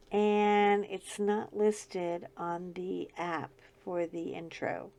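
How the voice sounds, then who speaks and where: A woman's voice: on the low side, level tone, very slow, vocal fry, a little mellow. A middle-aged woman with a scratchy voice, chatting casually and laughing often as she talks through her crafting. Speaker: crafting channel host. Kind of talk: casual chat while diamond painting.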